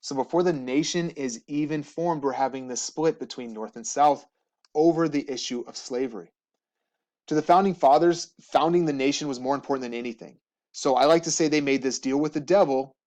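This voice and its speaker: A man teaching history, giving a relaxed, joking slideshow lecture to students. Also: mid-range voice, fairly quick. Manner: casual, jokey, asks students questions. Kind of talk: recorded classroom lecture over slides.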